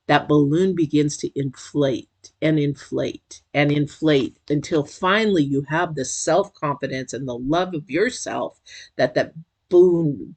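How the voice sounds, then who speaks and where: A chatty tarot reader talking straight to viewers in a casual intuitive reading. The voice is emotional and animated, breaking into sudden high exclamations and coming back to a mid pitch.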